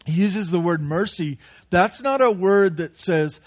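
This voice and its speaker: A man preaching a sermon in an earnest way, often repeating words and swinging between quiet asides and raised, urgent passages. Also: animated, a little slow, highs cut off. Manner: earnest preaching with repeated words and sudden rises in pitch and volume. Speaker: pastor.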